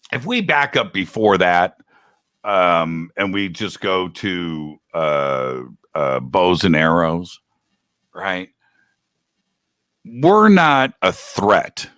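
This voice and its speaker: A man's voice: low voice, fairly bright tone, no echo, clean studio sound. A man talking as a guest host in a casual chat, rambling and laid-back, with a slangy manner.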